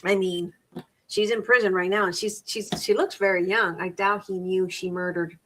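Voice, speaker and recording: A woman's voice: mid-range voice, steady tone, normal speed, fairly bright tone, poor audio. A middle-aged woman hosting a crafting live stream, chatting casually and rambling as she repeats and restarts words. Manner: reads crafting measurements aloud. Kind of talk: casual chat while crafting.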